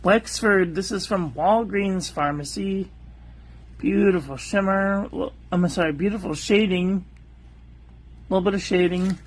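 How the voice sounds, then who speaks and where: Slow, high-voiced man reviewing stationery. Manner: unhurried, itemizing paper traits in short clipped phrases; chats aside with live viewers. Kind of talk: casual livestream product review.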